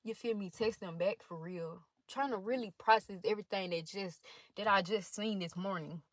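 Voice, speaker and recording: A woman's voice: medium pitch, moderate pace, no room sound. Young woman telling a profane storytime. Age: young adult. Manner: blunt, profane, animated retelling. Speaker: storytime vlogger. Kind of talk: casual storytime, reading out text messages.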